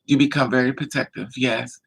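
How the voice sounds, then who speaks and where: A man hosting a livestream, telling a personal story in a casual, animated way and acting out the voices of the people in it. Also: medium pitch, brisk, husky, low-quality recording. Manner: animated, acts out quoted voices.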